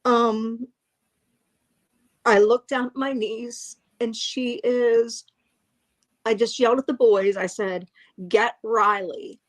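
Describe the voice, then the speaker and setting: A woman giving a halting, emotional eyewitness account, often breaking off and restarting. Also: fairly high pitch, steady tone, no room sound. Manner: angry and frustrated. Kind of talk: emotional first-hand account.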